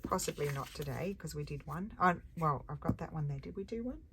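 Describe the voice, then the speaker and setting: A deep, expressive, slightly bright voice, a little fast, belongs to a crafting vlogger musing aloud at her table. She narrates her casual session, correcting herself as she goes, with crafting clicks in the clear background noise.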